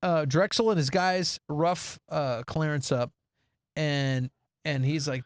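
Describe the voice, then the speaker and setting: On a casual podcast, a male co-host with a slightly high voice recaps a movie at a slow pace, with no echo. He's animated and performs the characters' lines in different voices.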